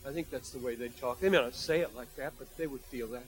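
A man's voice: mid-range voice, fast talker, few pauses, breathy edge. A man preaching a sermon, reading scripture and building to emphatic, repeated outbursts. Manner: emphatic, repetitive, rising to fervent outbursts.

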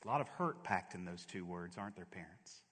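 A male pastor preaching a sermon, swinging from hushed, slow lows to fervent, louder peaks. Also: lively intonation, breathy edge. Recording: long hall reverb.

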